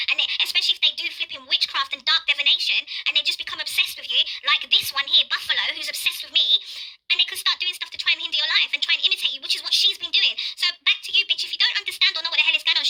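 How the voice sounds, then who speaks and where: Fast, sharp-voiced woman ranting. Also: sits high, rough recording. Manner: confrontational, profane, rapid-fire ranting. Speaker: vlogger. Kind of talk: direct-to-camera ranting vlog.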